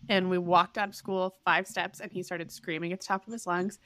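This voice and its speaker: A woman in her thirties co-hosting a podcast, telling a story in casual chat and acting out the voices with big leaps in pitch. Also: flat delivery, fairly quick, a bit bright, dry recording. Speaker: podcast co-host.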